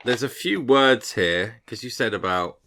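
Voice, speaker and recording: A man's voice: medium pitch, expressive, unhurried, sharp tone, slight background noise. A man hosting a casual podcast, playful and steering the conversation. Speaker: podcast host. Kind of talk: casual chat.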